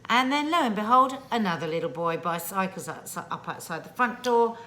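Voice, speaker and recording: A woman's voice: medium pitch, expressive, a little fast, bright, forceful tone. A woman co-hosting a casual TV review chat, chatty and emphatic, sometimes teasing. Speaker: TV review podcast co-host.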